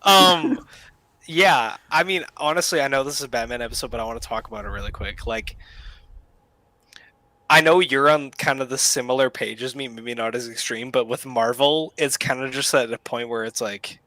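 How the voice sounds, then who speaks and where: A young man hosting a casual film podcast, excitable and quick to swear and laugh. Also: medium pitch, no room sound. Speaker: podcast host. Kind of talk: casual chat.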